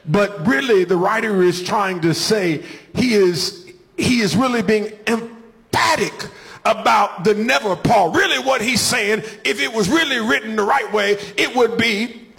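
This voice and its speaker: A man preaching a sermon in a rhythmic, call-and-response style, building from quiet talk to shouted climaxes. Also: high voice, unhurried, creaky.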